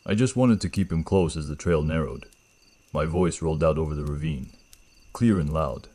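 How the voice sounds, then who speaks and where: A man with a slight gravel in his throat, telling a first-person horror story in a slow, measured, ominous way. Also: extremely low pitch, dark tone.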